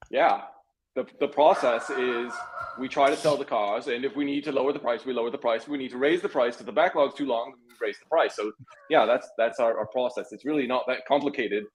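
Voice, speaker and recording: A man's voice: medium pitch, a little hiss or hum, natural voice, rough recording. A man doing a blunt tech boss, shaky South African accent. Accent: South African, put on. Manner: terse, halting, dismissive. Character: blunt male tech CEO, impression. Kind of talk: comic impression on a livestream.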